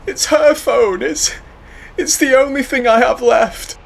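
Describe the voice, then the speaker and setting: A man voicing a grieving, stubborn young boy with a hoarse voice in a horror story reading. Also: very high-pitched, very slow, voice pushed up, full character voice. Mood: wailing.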